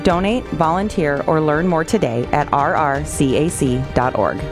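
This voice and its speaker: A woman reading a scripted charity radio ad, earnest and gentle. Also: low voice, normal speed. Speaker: charity announcer. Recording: music bed behind.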